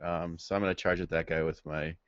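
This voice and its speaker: A man's voice: low-pitched, little pitch movement, fairly quick, a bit bright, no room sound. A man playing a tabletop game, hesitant and full of ums and restarts. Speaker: player. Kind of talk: tabletop game play over voice chat. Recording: dull dry lo-fi mic.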